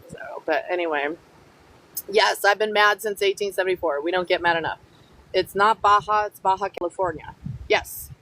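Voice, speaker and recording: A woman's voice: medium pitch, a bit bright, slight background noise, low-quality recording. A woman chatting casually on a phone live stream, reading comments aloud, blunt and feisty, dropping in Spanish words while she walks her dogs outdoors. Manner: blunt, feisty, quick to snap back at commenters.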